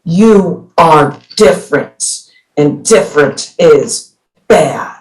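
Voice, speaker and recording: A woman voicing a bossy, self-important male stink bug in a storybook, slow and stern. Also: sits low, expressive, darkish tone, distant mic, full character voice, poor audio. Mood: pompous.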